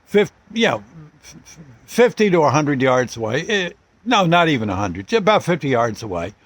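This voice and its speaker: A man telling a long anecdote in a loose, halting way, with many restarts and small chuckles. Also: fairly high pitch, big pitch swings. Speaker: storyteller host. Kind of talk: casual storytelling.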